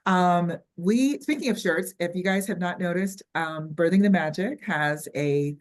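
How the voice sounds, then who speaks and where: Closing out an online workshop she hosts over video call, an older woman speaks with a Southern US accent in a low voice. She's talkative yet halting, often saying um and starting over.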